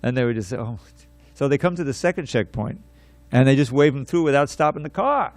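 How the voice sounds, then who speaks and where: A fast-talking man with a mid-range voice teaches a scripture class, telling a story animatedly while repeating words and restarting sentences. The recording is dry.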